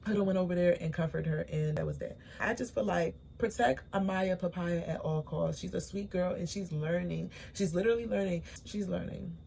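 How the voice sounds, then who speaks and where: A woman's voice: on the low side, moderate pace, vocal fry, few pauses, darkish tone, a little hiss or hum. A young woman, recapping a reality show in chatty, opinionated slang, tired late at night. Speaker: recap vlogger.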